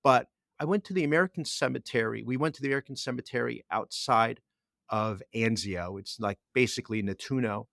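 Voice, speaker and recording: A man's voice: mid-range voice, brisk, creaky, a bit bright, no room sound. Man, middle-aged, podcast co-host, mid-range voice, dry close mic, rambling with restarts. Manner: rambling storyteller with frequent restarts. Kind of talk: casual podcast chat.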